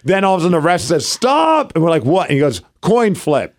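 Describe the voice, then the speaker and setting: A man co-hosting a podcast, telling a story in an excited, animated way and acting out the quotes. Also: a little high, quick pace. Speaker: podcast co-host. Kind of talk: casual podcast chat.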